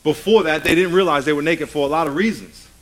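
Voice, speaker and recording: A man's voice: fairly high pitch, fast, a bit bright, low-quality recording. A man preaching a sermon emphatically, often asking the congregation rhetorical questions.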